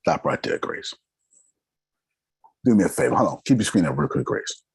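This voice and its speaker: A raspy-voiced man giving a motivational business lesson, emphatic and casual, firing off rhetorical questions. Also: lowish voice, animated, moderate pace, dry recording. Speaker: business mentor. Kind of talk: motivational teaching.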